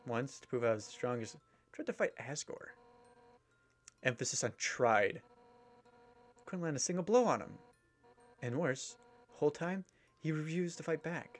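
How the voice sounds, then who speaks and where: A man voicing a brash, fierce female fish warrior captain in a video game, with blunt, boastful delivery over faint game music. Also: mid-range voice. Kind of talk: reading game dialogue aloud.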